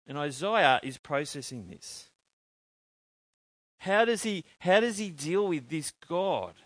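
A man preaching a sermon, in an animated way, asking his congregation questions and answering them himself. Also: fairly high pitch, takes it slowly, dry recording.

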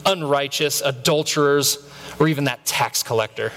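A man's voice: fairly high pitch, a little fast, background noise. A man in his thirties preaching a sermon, telling stories with self-mocking humor and stammered repeats. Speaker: pastor. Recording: long reverb of a large hall.

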